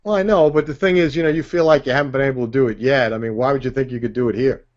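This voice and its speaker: A man leading a sales training session, energetic and joking, driving his points home with "okay?" and "right?". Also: mid-range voice, racing, muffled recording. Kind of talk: live sales training talk.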